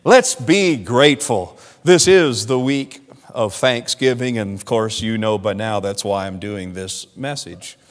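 A man with a Southern accent, a pastor preaching a sermon with animated swings in volume and laughing asides. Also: fairly low pitch, unhurried, long reverb tail. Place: church sanctuary.

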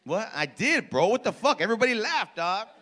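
A man's voice: sits high, sing-song, a little fast, fairly bright tone. A man doing brash, profane crowd work as a stand-up comedian in a comedy club. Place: comedy club before a laughing audience.

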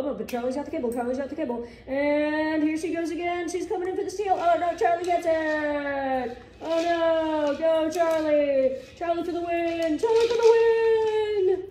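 Woman doing an excitable sports play-by-play announcer. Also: sits high, roomy sound, slight background noise, voice pushed up, close to an everyday voice, rough recording. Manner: hyped running commentary.

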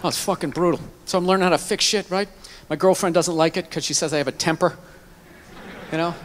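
A man's voice: a little high, steady tone, fast, fairly bright tone. A man doing a stand-up comedy routine, ranting in an exasperated, profane way. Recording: echoey hall, faint noise.

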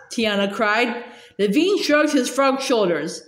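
Halting woman reading aloud, echoey room. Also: high-pitched, lively intonation. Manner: halting, repeats words and says uh. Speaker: reader. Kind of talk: reading a children's novel aloud.

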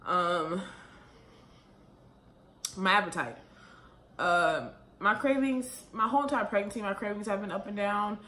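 Late at night at home, a young woman records a casual vlog to camera, pregnant and a little breathless. Her bright, medium-pitched voice has lively intonation as she rambles fast with lots of fillers, and the room echoes with faint ambient noise behind her.

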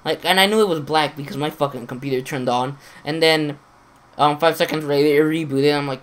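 A man's voice: fairly high pitch, fairly quick, a bit bright. A young man telling a story to his channel, rambling and swearing constantly, with lots of fillers and restarts. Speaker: gaming channel host. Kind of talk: casual storytelling to camera.

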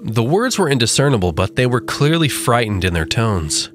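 A man narrating a first-person horror story with a dramatic, drawn-out delivery. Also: mid-range voice, very animated. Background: faint music.

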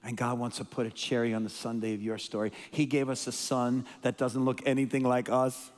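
A man's voice: medium pitch, flat delivery, brisk. Emotional man preaching in a reverberant hall. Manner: emotional, rambling with restarts and repeated words. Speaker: guest preacher. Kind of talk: storytelling sermon. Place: church sanctuary.

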